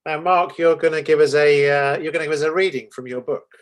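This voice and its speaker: A man's voice: a little high, fast talker. A man hosting a book club interview with short, polite prompts and thanks to his guest. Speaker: host.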